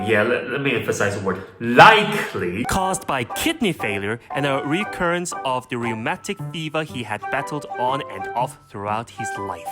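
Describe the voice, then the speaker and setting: A man giving a casual video lecture, animated and opinionated, with loose slang. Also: medium pitch. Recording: roomy echo, faint background music.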